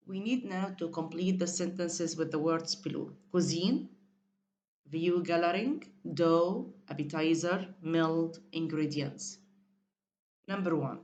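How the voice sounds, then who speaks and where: Slow, low-voiced woman teaching. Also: steady tone, a little mellow, a little hiss or hum. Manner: reads definitions aloud and drills pronunciation. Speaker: English teacher. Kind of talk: recorded vocabulary lesson.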